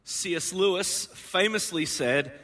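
Bright-voiced energetic pastor. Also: male voice, high voice, slow pace. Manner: energetic, joking with the congregation. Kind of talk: sermon. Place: church auditorium.

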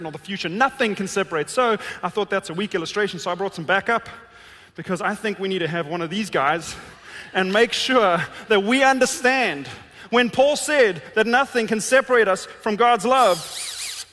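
A man preaching a sermon, emphatic, swinging from loud, raised lines down to hushed, quiet ones. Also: high-pitched. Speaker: pastor. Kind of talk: sermon with object lesson. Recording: long hall reverb.

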